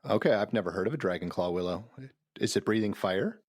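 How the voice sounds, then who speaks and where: A man's voice: on the low side, fast, no room sound, clean studio sound. A man from Minnesota co-hosting a casual podcast chat, playful and teasing, with a self-deprecating humor. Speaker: podcast co-host.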